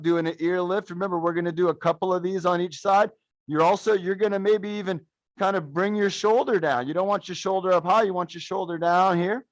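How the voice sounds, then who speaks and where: Young male fitness coach, upbeat and encouraging, slightly high voice, dry close sound. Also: no echo. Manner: upbeat, encouraging, playful counting and cueing. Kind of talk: live adaptive fitness class instruction. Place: fitness studio.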